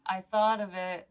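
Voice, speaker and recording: A middle-aged woman vlogging casually as a psychic medium, rambling with many fillers and casual swearing, and reading cards aloud slowly. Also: medium pitch, smooth, dull audio. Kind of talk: casual personal vlog.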